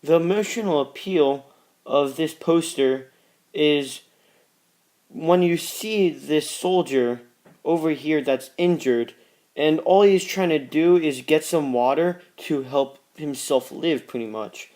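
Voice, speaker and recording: Teen boy, slightly high voice, halting school presentation, plain delivery with lots of filler. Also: darkish tone. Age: teens. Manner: halting and plain, often says "pretty much" and "just". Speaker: student presenter. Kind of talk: class presentation analyzing posters.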